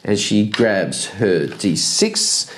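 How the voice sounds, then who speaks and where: A man's voice: on the low side, sing-song, drawn-out words, a bit bright. A man casually narrating a solo tabletop game, counting out moves and chuckling at the dice.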